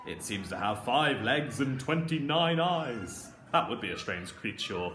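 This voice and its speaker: A young male primary school teacher with a British accent, giving a phonics lesson to camera and slowly sounding out words in an encouraging way. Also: mid-range voice, expressive, pushed and bright, a little hiss or hum. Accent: British English. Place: classroom. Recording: echoey classroom.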